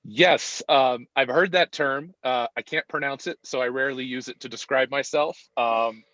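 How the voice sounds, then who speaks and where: A man's voice: mid-range voice, normal speed, sharp tone, no room sound. A man in his fifties, a podcast guest, talking in a reflective, hesitant way with many ums and restarts. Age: 50s. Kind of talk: casual conversational interview. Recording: dull, dry sound.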